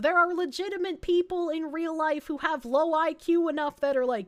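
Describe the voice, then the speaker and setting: Excitable, high-voiced young woman streamer. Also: brisk, hardly any pauses. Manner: crude, excitable, laughs often. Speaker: VTuber streamer. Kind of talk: casual reaction stream commentary.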